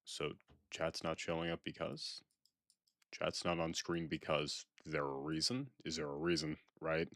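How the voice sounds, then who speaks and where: A man streaming a horror game live, rambling with repetitive, sarcastic mock calm as he talks to chat. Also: very deep voice, measured pace, dry recording, clean studio sound.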